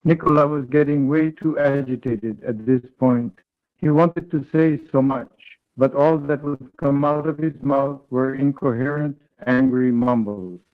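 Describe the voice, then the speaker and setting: A man reading a third-person story aloud in a flat, read-aloud way as a call partner. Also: medium pitch, unhurried. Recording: tinny online call audio.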